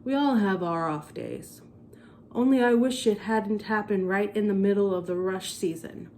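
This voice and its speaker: A woman's voice: mid-range voice, moderate pace, a little mellow, a little hiss or hum, natural voice. A woman voicing a stout, kindly old Santa figure, hearty and jovial, in a read-aloud storybook.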